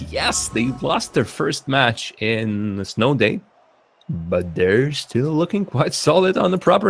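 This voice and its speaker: A man giving live esports commentary, chatty and quick to laugh, getting excited on big plays. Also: medium pitch, gravelly. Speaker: esports caster.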